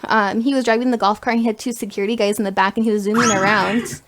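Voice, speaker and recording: A young adult woman co-hosting a podcast, chatting casually and telling a lively story with bursts of laughter. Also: medium pitch, quick pace. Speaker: podcast co-host.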